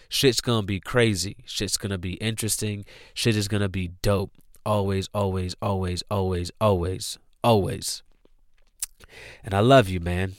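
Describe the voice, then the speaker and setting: A man's voice: lowish voice, clean tone, dry recording, clean studio sound. A man hosting a casual podcast, laid-back and slangy, rambling with lots of restarts. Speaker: podcast host. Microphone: podcast microphone.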